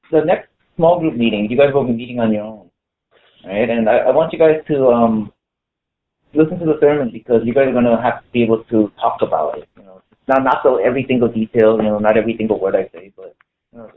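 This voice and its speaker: A man's voice: medium pitch, brisk. Filler-heavy male pastor, tinny recording. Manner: conversational, full of "you know" fillers and restarts. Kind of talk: casual sermon to a small congregation.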